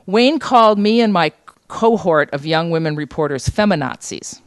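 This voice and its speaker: Woman instructor, conversational anecdote teller; very lively intonation, dry recording. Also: fairly low pitch, brisk, no room sound. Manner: animated, conversational, acts out quotes. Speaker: journalism instructor. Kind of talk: anecdotal seminar storytelling.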